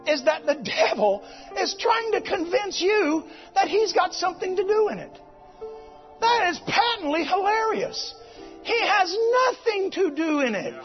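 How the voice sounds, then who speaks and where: A fervent preacher man with a very high, ringing voice urges his congregation on, often breaking into shouts. Music plays loudly behind him in a muffled, dull-sounding recording. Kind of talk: Pentecostal-style sermon. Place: church service.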